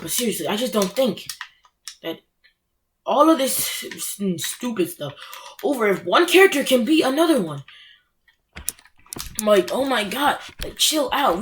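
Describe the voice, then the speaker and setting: A woman's voice: mid-range voice, a little hiss or hum. A young woman ranting casually and with exasperation, full of filler words and mocking quotes. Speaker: anime ranter. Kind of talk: casual rant.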